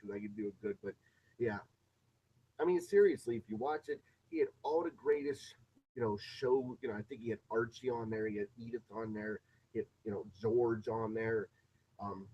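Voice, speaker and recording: A man's voice: lowish voice, dark tone, breathy edge, low-quality recording. A man ranting casually in a rambling, profane, off-the-cuff way. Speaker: vlogger.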